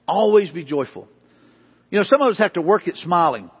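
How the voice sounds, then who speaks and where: A man's voice: high voice, expressive, brisk, breathy edge. A man preaching a sermon as pastor, earnest and emphatic, repeating his points. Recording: dull sound with long hall reverb.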